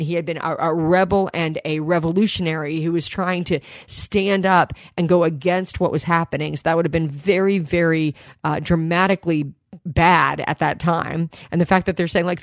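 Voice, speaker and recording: Lower-voiced woman preaching a sermon. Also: no echo, studio quality. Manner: conversational storytelling, reading scripture aloud.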